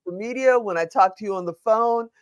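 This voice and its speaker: A woman's voice: medium pitch, quick pace, dry recording. A woman hosting an interview, asking curious, playful questions and laughing easily. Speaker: podcast host. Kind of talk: casual interview chat.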